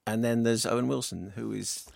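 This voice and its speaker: A man's voice: mid-range voice, steady tone, gravelly, no room sound. British man presenting a radio show. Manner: brisk, reads listener emails. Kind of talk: casual radio chat. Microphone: studio microphone.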